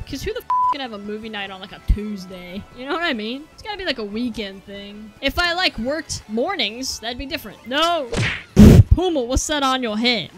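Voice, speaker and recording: A young woman streaming a racing game, chatting casually and scolding herself aloud. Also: on the high side. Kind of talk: casual gaming commentary.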